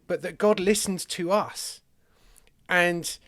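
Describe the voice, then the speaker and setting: A man's voice: high-pitched, steady tone, slow, fairly bright tone. A man hosting a podcast in casual conversation, thinking aloud playfully with restarts. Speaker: podcast host. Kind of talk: casual conversation about comedy and faith.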